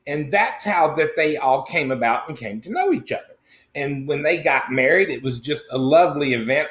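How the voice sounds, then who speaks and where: A man with a fairly bright voice on the high side improvises a comic monologue as a comedy character host, playing a middle-aged country man. His folksy, meandering story is packed with crude asides, heard in a roomy echo.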